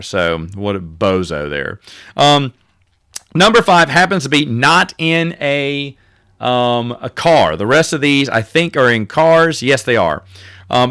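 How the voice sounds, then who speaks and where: A man's voice: mid-range voice, pushed and bright. A man hosting a podcast, telling rambling, self-correcting stories in a casual monologue. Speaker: podcast host.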